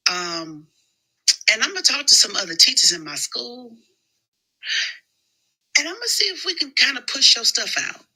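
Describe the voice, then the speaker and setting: Bright, animated woman telling stories. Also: a little high, moderate pace, pauses often, breathy edge, low-quality recording. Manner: animated, storytelling. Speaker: schoolteacher. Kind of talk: casual chat.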